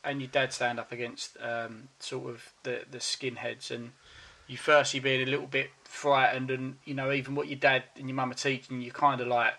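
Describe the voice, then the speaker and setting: Man asking rambling, halting questions. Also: mid-range voice, level tone, gravelly, sharp tone. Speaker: interviewer. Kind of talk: conversational interview.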